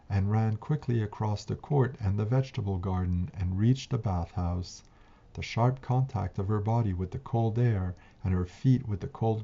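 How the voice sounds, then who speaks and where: Gravelly low-voiced guy reading an old tale, dark tone, kinda muffled recording. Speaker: narrator. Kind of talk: storybook reading. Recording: dull lo-fi recording.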